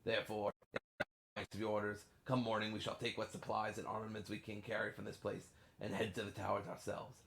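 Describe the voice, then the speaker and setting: A hammy male pirate, as a man puts him on, reading out a captain's letter in an old British pirate accent. His voice sits low and a little dark, the delivery mock-solemn and growling. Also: flat delivery, fairly quick, vocal fry, roomy sound, slight background noise. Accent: put-on old British pirate.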